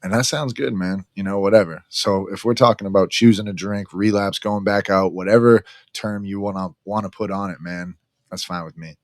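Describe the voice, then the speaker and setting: Middle-aged man, deep monotone voice, frank, profane, casual storyteller. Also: a little fast, dry recording. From Massachusetts, near Boston. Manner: frank, profane, says "man" after almost every phrase. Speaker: guest in recovery.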